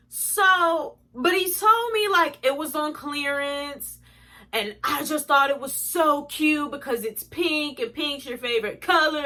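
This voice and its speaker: A young woman telling an exasperated storytime to her viewers, animated and swearing freely. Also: high voice, a little slow. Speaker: vlogger. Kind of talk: storytime vlog.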